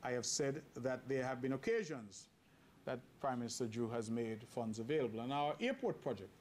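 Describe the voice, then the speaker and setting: A government leader speaks at a press event in a measured, official way. His voice sits at a middle pitch for a man. There is a faint ambient murmur under his careful phrasing. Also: lively intonation, darkish tone, slight background noise. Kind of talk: formal press remarks.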